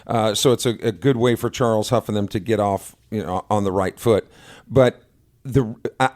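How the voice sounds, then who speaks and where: A man co-hosting a casual radio talk show in an easygoing way, chiming in with quick reactions. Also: medium pitch. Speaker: radio co-host. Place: radio studio. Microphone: studio mic.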